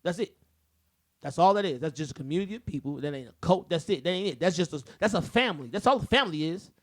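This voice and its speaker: A man co-hosting a casual podcast chat, who talks in animated rants and breaks into loud shouting bursts. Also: high-pitched, quick pace. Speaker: podcast co-host.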